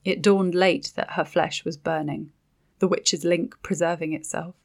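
A woman reading dark fantasy narration for an audiobook in a steady, dramatic manner. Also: fairly low pitch, a little slow, vocal fry.

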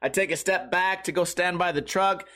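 High-voiced man telling crude stories. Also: moderate pace, pushed and bright. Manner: crude, profane, laughs at his own jokes; acts out the voices of people in his stories. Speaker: podcast host. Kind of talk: comedic storytelling monologue.

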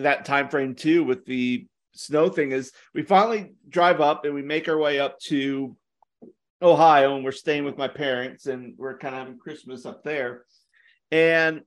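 A young man co-hosting a podcast, telling a story in a casual way, with joking asides and frequent laughter. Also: mid-range voice. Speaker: podcast co-host.

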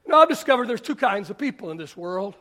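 High-voiced preaching man. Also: very animated, quick pace. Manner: dramatic preaching, shouting some lines and dropping to near murmurs; repetitive, emphatic phrasing. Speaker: pastor. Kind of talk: sermon.

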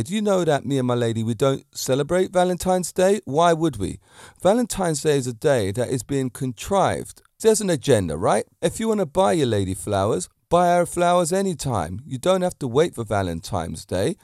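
A man's voice: medium pitch, normal speed, no room sound, studio quality. Chatty man preaching about romance. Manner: animated, preachy, full of rhetorical questions. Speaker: podcast host and fitness teacher. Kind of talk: solo podcast talk on romance. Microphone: handheld podcast mic.

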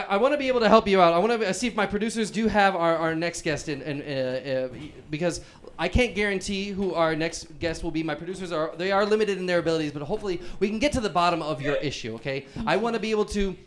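Man, comic talk show host, stammering, mock-earnest, high voice. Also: fast talker. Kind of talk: improv comedy.

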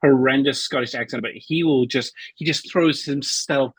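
A man's voice: medium pitch, moderate pace, breathy edge, dry recording. A man hosting a casual podcast chat, laughing often and agreeing eagerly.

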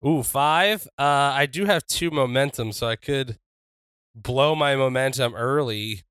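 A man playing a tabletop wrestling role-playing game, animated and often laughing. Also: mid-range voice, measured pace, clear, resonant tone, dry recording, clean studio sound. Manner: animated, laughing, shouts in character. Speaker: player.

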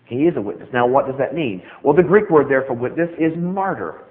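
Animated preacher man, tinny sound. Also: medium pitch, brisk. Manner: animated, emphatic, repeats key phrases. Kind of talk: sermon.

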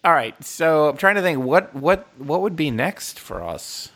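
A man's voice: a little high, expressive, unhurried, a bit bright. Profane ranting man, laughing often. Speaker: podcast co-host. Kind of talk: casual film chat.

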